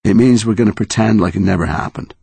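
A man doing a worn-out father in a storybook, quiet and firm, a husky voice that rises and falls a lot, dry close recording. Sounds drained but steady. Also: on the low side, fairly quick, no room sound, voice pushed up, exaggerated voice. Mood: weary.

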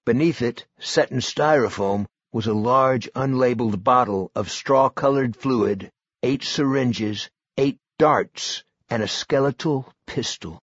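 Husky male audiobook narrator. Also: medium pitch, no room sound. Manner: expressive, measured storytelling.

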